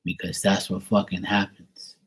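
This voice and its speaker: A man with a low, husky voice gives a casual live-stream psychic reading. He talks bluntly and emphatically, swearing freely as he makes his points, with a slightly roughened edge to his tone. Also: level tone, normal speed, low-quality recording. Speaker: psychic tarot reader.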